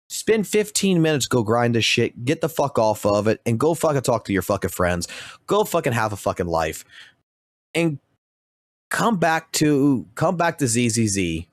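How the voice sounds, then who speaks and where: A man's voice: medium pitch, no room sound, studio quality. A man streaming games, ranting heatedly in casual commentary and swearing constantly. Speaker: gaming streamer.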